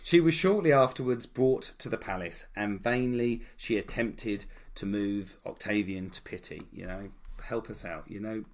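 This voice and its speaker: Low-voiced man telling history. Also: normal speed, few pauses. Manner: irreverent, jokey asides. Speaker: podcast co-host. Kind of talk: casual history storytelling.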